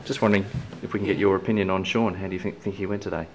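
A man, an interviewer asking questions in an apologetic, rushed way. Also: sits low, flat delivery, music in the background. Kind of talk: mockumentary interview.

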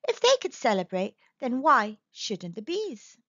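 A woman reading a children's picture book aloud, gentle and expressive. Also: on the high side, a little slow, dry recording. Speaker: storyteller. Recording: dull dry recording.

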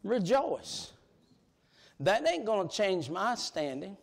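A man preaching a sermon in a church, emphatic and colloquial, rising to shouts. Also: sits high, sing-song, slow, creaky. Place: church sanctuary.

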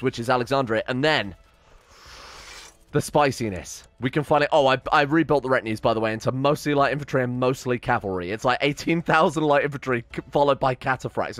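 A man's voice: mid-range voice, fast talker, a bit bright, no room sound. A man giving rambling, casual commentary on his strategy game, often cutting himself off and swearing. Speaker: let's-play streamer.

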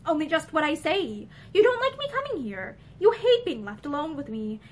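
A woman's voice: sits high, sing-song, normal speed, a little hiss or hum. A woman reading as a persistent, determined young man. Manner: quiet, determined questioning. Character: earnest young Englishman, persistent and probing.

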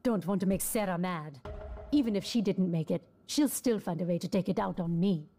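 An actress voicing a shaken young woman crew member on a space station in a video game, halting and rattled, with a wry loyalty underneath. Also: fairly low pitch, warm tone, soft background music, close to an everyday voice.

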